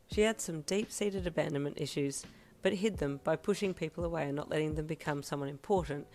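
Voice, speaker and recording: A woman reads a fan fiction story aloud, calm and steady. Her voice is low, and faint music plays underneath. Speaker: reader.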